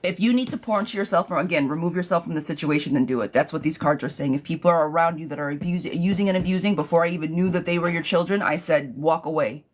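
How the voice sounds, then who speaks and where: A woman's voice: sits low, fast talker, few pauses. A woman giving a live tarot reading, with blunt and profane advice that she calls out to her viewers. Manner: blunt, profane, animated advice with frequent "girl". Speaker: tarot reader.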